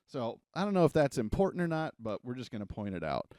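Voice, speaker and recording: A man's voice: mid-range voice, sing-song, quick pace, darkish tone, no room sound, clean studio sound. A man giving a casual, joking coding lesson at a whiteboard, rambling into self-deprecating asides and sounding a little out of breath. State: a bit out of breath. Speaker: coding tutor.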